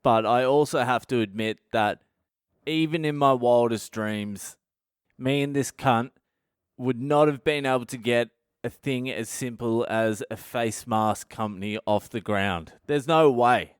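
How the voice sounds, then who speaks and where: A man's voice: medium pitch, unhurried, clean tone, no echo, studio quality. Profane, ranting Australian man. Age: middle-aged. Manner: profane, ranting, self-mocking. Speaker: comedian podcast host. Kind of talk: comic storytelling monologue.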